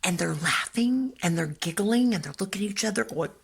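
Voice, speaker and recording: An older woman, a children's book author and grandmother, telling a lively story in casual talk and acting out voices as she goes. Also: medium pitch, a little fast, creaky, husky. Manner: animated, chatty, acts out voices.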